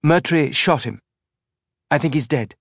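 A man's voice: a little high, unhurried, creaky, fairly bright tone, breathy edge, no room sound, studio quality, voice pushed up, heavily acted. A man voicing a frightened, determined young woman who speaks urgently.

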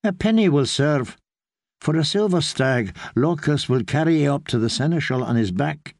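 A man reading the part of a slim young half-Dornish male acolyte who speaks in a soft drawl with an easy, knowing, gently teasing manner. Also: fairly high pitch, expressive, moderate pace, dry recording, clean studio sound. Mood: wry.

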